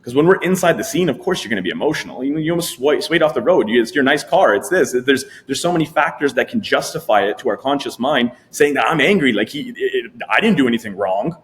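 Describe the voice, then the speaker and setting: A man in his middle pitch range, speaking as a guest coach on a podcast. He explains things step by step and slips into lively, acted-out inner voices to show his points. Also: quick pace, hardly any pauses. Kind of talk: explanatory interview talk.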